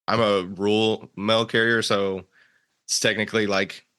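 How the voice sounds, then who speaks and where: Podcast host, young man, low bright voice, easygoing and chatty. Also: little pitch movement, unhurried, clean tone. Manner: laid-back, laughs often, many fillers and restarts. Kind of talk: casual chat.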